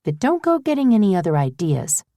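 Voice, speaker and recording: A woman's voice: mid-range voice, very animated, fairly quick, mellow, no echo, studio quality, voice pushed up. A woman voicing an earnest, eager young woman who works as a postal clerk. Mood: wary.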